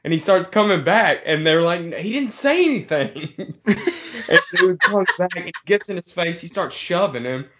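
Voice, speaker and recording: A man's voice: high-pitched, fairly bright tone, dull audio, slight background noise. A man telling a rambling story to friends in a casual, swearing way. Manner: laid-back, swearing, drawn-out pauses.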